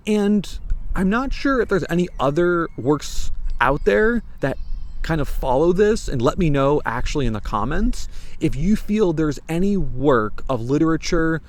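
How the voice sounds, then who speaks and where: A chatty young American man talks to camera with an American accent, his pitch sitting a little high and moving a lot. He rambles in a lively way and restarts his sentences often. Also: unhurried. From United States. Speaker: book reviewer. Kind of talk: casual talk to camera.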